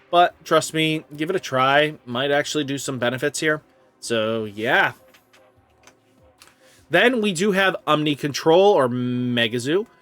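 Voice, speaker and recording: A man's voice: on the high side, a bit bright, no room sound. A man hosting his channel, talking casually through card game deck lists in a rambling, enthusiastic way, full of "you know" and "kinda". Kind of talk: casual deck-list commentary.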